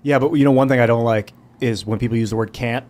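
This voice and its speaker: A man's voice: mid-range voice, steady tone, fast, darkish tone. A man hosting a podcast, chiming in with brief interjections and pointed remarks to his guest. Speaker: podcast host. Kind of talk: conversational interview.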